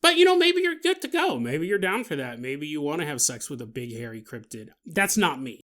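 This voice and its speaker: Animated, bright-voiced male podcast host. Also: on the high side, fairly quick. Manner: animated, laughs often, acts out silly scenarios. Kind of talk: comedic podcast monologue.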